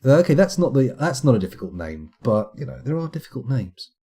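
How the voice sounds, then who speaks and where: Dark, husky British man rambling. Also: mid-range voice, big pitch swings, brisk. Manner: rambling, self-deprecating, chatty. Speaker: game streamer. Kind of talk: live stream commentary.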